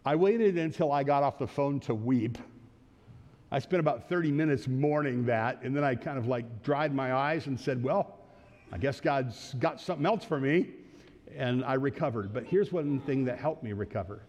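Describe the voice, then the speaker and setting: A pastor preaching an earnest sermon, dropping low and soft for quoted words and rising for exhortation. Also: male voice, moderate pace. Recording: long hall reverb.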